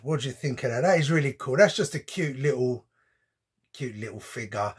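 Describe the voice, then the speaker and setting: A man's voice: medium pitch, lively intonation, brisk, slightly rough. A man chatting casually as he unboxes a collectible for his channel, with frequent ums and slang. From United Kingdom. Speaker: unboxing vlogger.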